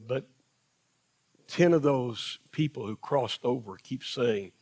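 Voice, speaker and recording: A man's voice: mid-range voice, slow, long pauses, a little mellow. A man preaching a sermon in a church, repeating phrases for emphasis, asking the congregation rhetorical questions and acting out quotes. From United States. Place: church sanctuary.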